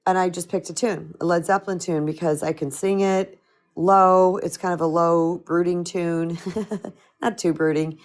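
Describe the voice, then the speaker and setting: A woman's voice: lowish voice, normal speed. Chatty middle-aged woman with a crackly voice. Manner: animated and chatty, reads out viewer comments. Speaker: spiritual empowerment coach. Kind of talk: live-streamed coaching talk.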